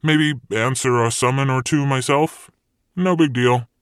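A cocky, commanding male devil, as a man puts him on speaks breezily with a menacing edge in an audiobook. His voice is mid-pitched and recorded dry and close. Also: a little slow, clean tone, no room sound, close to an everyday voice. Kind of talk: audiobook character voice.

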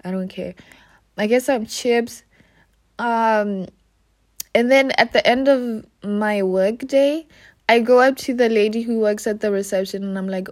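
A young woman chats alone for her podcast, recorded on a phone. Her voice sits fairly high, and she rambles in a light, self-mocking way, often breaking into laughter. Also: unhurried, a little mellow. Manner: giggly, chatty, self-mocking. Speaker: podcast host. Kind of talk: casual solo podcast chat.

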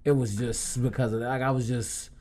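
A man's voice: mid-range voice, flat delivery, a little fast, dark tone. Laid-back slangy man in casual chat. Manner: laid-back slangy banter, drifts into voices and accents. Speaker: podcast co-host.

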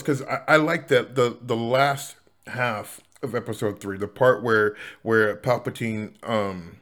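A man hosting a casual solo podcast, talking in a rambling way with many fillers, restarts and chuckles. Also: medium pitch. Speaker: podcast host.

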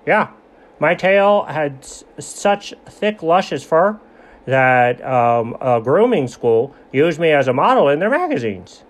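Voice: mid-range voice, very animated, takes it slowly. A performer voicing a boastful male cartoon dog who rambles through tall tales with dry sarcasm. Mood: storytelling. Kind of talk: comedic cartoon voice acting.

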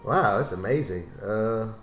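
A man's voice: fairly low pitch, lively intonation, measured pace, echoey room. A man hosting a casual sports podcast, laid-back and teasing, swearing freely as he ribs his co-hosts. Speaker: podcast host.

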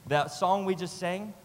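A man with a high-pitched voice preaches a sermon passionately, swinging between loud urging and quiet, intimate moments, using repetitive, rhythmic phrasing. The recording carries a long hall reverb.

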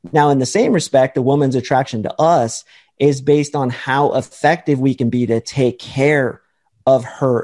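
A man with a warm, mellow voice explains dating as a podcast guest. He talks emphatically in a lecturing way, often slipping into little acted-out quotes. His pitch sits in an ordinary middle range. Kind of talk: confident explanatory talk.

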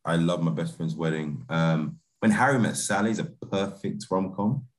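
A man, a film director, chatting in a relaxed interview, laid-back with many restarts and fillers. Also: sits low, normal speed.

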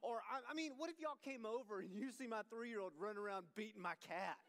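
High-voiced guy in his 30s rambling through a funny story to a crowd, big hall echo. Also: a little fast. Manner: rambling, animated, talks to the crowd. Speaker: speaker addressing a live audience.

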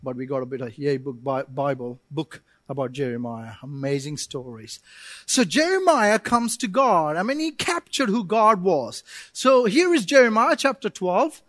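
A man pastor preaching a sermon, animated, with playful asides and acted-out prayers to God. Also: a little high, moderate pace, dry recording, clean studio sound.

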